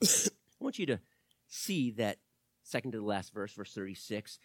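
A male pastor preaching a teaching sermon, swinging from loud emphasis to quiet asides and asking the audience questions. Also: on the low side, very animated, unhurried, no echo, clean studio sound. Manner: asks the audience direct questions.

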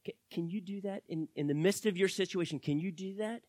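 A pastor preaching a sermon to his church, swinging between hushed words and loud, fervent calls. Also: high-pitched, a little fast, dry recording. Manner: dramatic, swings from hushed to shouting.

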